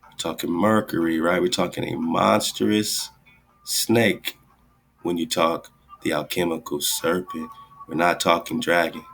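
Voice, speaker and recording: A man with a very low, gravelly voice talks in loose, rambling radio commentary. He keeps checking in with his listeners, tagging "right?" and "man" onto his lines. Soft music plays faintly underneath. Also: steady tone, a little slow. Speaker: radio host. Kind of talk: casual esoteric commentary over screen share.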